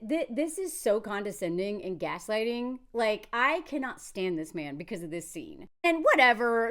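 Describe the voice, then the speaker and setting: Woman ranting about a movie, high voice, super lively swoopy delivery, sarcastic and fed up. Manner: sarcastic, exasperated commentary. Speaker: film commentator. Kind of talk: casual commentary.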